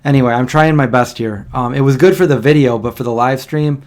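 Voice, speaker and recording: Man, livestream host, loose rambling chat, mid pitch. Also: brisk, a little mellow. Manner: chatty, rambling, reacting to old videos.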